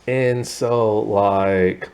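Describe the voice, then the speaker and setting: A man's voice: lowish voice, fairly even intonation, very slow, darkish tone, smooth. A man giving a casual, rambling movie review, opinionated and full of "like" and "man".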